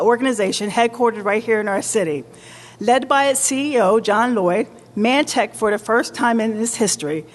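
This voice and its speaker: A woman mayor giving a formal public address with deliberate, emphatic oratory in a large indoor market hall. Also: fairly high pitch. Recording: long reverb of a large hall.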